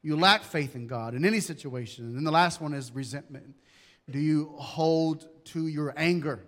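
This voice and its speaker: A man's voice: on the high side, normal speed, a bit bright, in a large hall. A man pastor preaching a sermon in a church sanctuary, talking conversationally and repeating key phrases.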